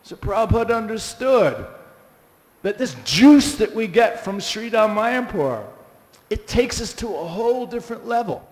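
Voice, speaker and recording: A man giving a scripture class, telling stories with animated, exclamatory asides to a live audience. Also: high-pitched, unhurried, long reverb tail, poor audio. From United States. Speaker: class speaker. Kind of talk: lively scripture class talk. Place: temple hall with a live audience.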